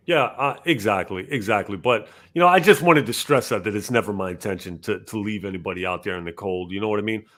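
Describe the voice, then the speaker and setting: Low-voiced man, animated podcast host. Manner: animated, swings between loud bursts and low mutters. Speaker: podcast host reading viewer donations. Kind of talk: casual chat.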